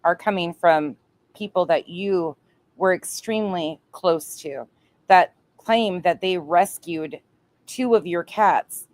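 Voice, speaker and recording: A woman's voice: on the low side, slow, a little mellow. A woman giving reaction commentary on a clip, blunt and profane. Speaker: commentary streamer.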